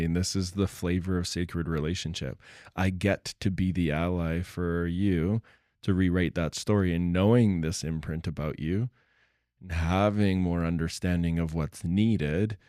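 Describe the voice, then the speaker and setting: A middle-aged man co-hosting a casual relationship talk, explaining things in a calm, affirming way. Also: low voice, moderate pace, no echo, clean studio sound. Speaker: podcast co-host.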